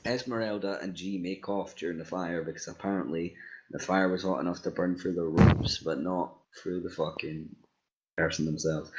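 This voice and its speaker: Over poor audio, a low-pitched man casually reads out a story written by a group, crude and relaxed in tone, and stops now and then to correct errors.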